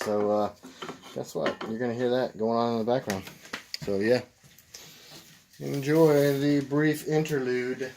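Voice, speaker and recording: A man's voice: mid-range voice, dark tone. A man demonstrating knife making in his workshop, talking casually and rambling with joking asides to viewers. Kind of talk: casual unscripted workshop demo. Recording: noisy workshop with machine noise.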